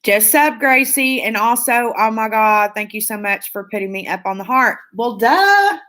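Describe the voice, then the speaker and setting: A woman's voice: medium pitch, steady tone, moderate pace, sharp tone. A woman hosting a casual beauty live stream, reading viewer comments aloud in a gushing, chatty way with lots of fillers.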